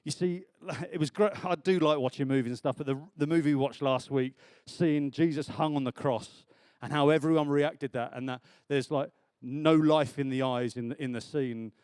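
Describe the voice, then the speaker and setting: A man preaching a sermon in church, chatty and animated, laughing often. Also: on the high side, normal speed, clean tone, no echo.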